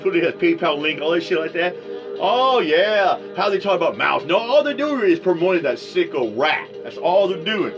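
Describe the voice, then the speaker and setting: A man hosting his own podcast, ranting casually in a rambling, profane way that swings between mutters and loud outbursts. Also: a little high. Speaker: podcast host. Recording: dull lo-fi sound with faint music.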